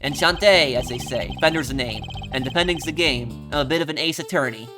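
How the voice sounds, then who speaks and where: A man voicing a smooth, cocky male defense lawyer in a put-on accent, slick and drawn-out, over game music. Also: medium pitch, close to an everyday voice. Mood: smug. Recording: game music playing underneath.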